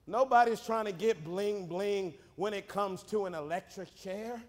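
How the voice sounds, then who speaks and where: High-voiced preacher shouting in a hall. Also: male voice. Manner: dynamic, swinging from rapid joking asides to loud shouted climaxes. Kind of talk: sermon. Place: church sanctuary. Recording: reverberant church hall.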